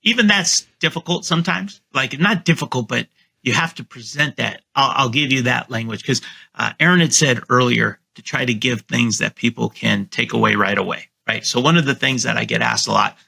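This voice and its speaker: A man's voice: medium pitch, a little fast, creaky, bright, forceful tone, husky. A man on a remote call, a real estate agent talking casually and confidently as a guest, coaching listeners and often repeating himself. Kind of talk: casual interview chat.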